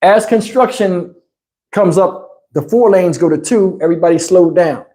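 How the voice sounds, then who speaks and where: High-voiced man telling a wild road story. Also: normal speed. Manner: animated, cussing, acts out people in the story. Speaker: channel host. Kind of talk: casual profane storytelling.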